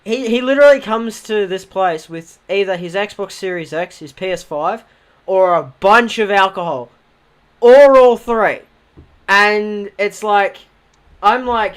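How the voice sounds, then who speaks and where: A man's voice: sits high, unhurried, a bit bright, smooth. A young man with an Australian accent casually telling rambling stories on a livestream, swearing freely and laughing at himself.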